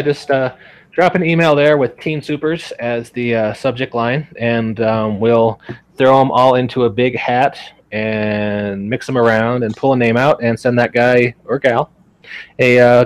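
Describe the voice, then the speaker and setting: A man's voice: mid-range voice, steady tone, normal speed. A man in his forties hosting a podcast in casual chat, rambling with lots of fillers and easy laughs. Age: 40s. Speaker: podcast host.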